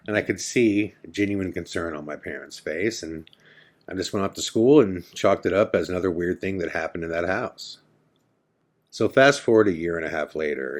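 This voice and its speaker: Man, very low voice, podcast host, casual storytelling, quotes dialogue as he goes.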